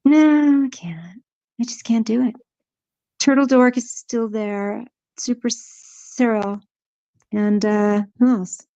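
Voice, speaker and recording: A woman's voice: fairly high pitch, slow pace, dark tone, no room sound, muffled recording. A woman hosting a live stream, chatting casually and teasing people in the chat, her voice worn out. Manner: playful, teasing, reads chat names aloud.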